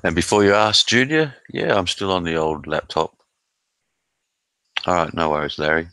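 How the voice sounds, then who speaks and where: Laid-back Australian male streamer, very deep and forceful, dry close sound. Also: normal speed, clean tone, no room sound. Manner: laid-back, swears freely, chats with viewers. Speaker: live stream host reading chat. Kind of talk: casual live-stream chat. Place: at home in South Australia.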